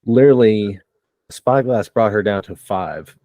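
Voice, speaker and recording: A man running a tabletop game as game master, narrating with relaxed banter and frequent laughs. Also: on the low side, measured pace, no echo.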